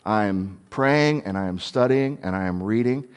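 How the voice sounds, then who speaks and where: A man's voice: lowish voice, normal speed, smooth. A man giving a conversational sermon, earnest and candid, thinking aloud as he goes.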